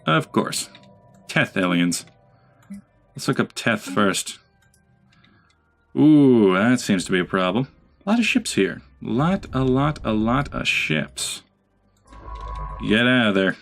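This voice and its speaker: Man, let's play host, chatty commentary, talks to his ships, low voice, game music under. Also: big pitch swings, unhurried, vocal fry, long pauses, fairly bright tone. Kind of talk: casual gameplay commentary.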